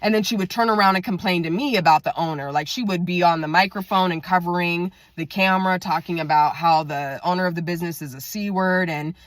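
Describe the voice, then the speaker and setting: A woman chats to her viewers in a casual storytime vlog, venting about a past job with lots of fillers. Her voice sits fairly low, and the recording is close and dry, with no room sound. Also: quick pace, hardly any pauses, dry recording. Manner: chatty, venting, acts out quotes in raised voice. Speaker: vlogger.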